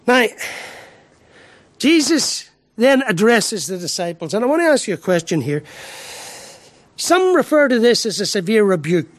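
A man's voice: high-pitched, no echo. An Irish man preaching a sermon, emphatic, asking rhetorical questions and often repeating his first word as he restarts. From Ireland.

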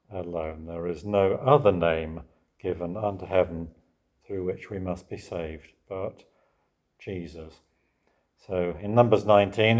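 A man's voice: sits low, warm tone. An older man preaching a Bible sermon in a conversational way, often ending points with questions like "isn't it?". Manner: conversational, with rhetorical tag questions. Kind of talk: expository sermon.

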